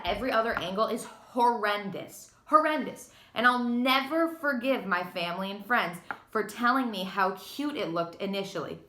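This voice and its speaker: A woman's voice: medium pitch, bright, forceful tone, a little hiss or hum. Breathless pregnant woman ranting, echoey room. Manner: exasperated, dramatic, sarcastic. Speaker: vlogger. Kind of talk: candid casual vlog rant.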